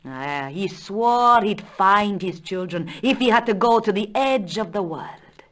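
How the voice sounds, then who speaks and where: An actress voicing a proud, dramatic aging countess with a Spanish accent in a video game, talking in a stately, theatrical way. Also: female voice, mid-range voice, lively intonation. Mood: grave. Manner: stately, slow and theatrical, bursts into shouts.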